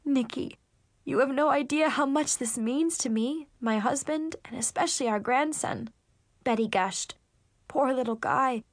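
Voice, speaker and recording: A woman's voice: on the high side, moderate pace, no echo, studio quality, lightly acted. A woman voicing an emotional older woman who runs an animal shelter, talking gratefully and tearfully.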